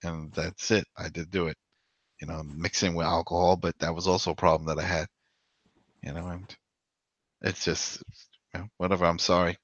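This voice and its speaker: A man co-hosting a podcast in casual discussion, rambling and animated, with frequent "you know". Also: low voice, normal speed, pauses often, dry recording. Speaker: podcast co-host. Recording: dull lo-fi dry sound.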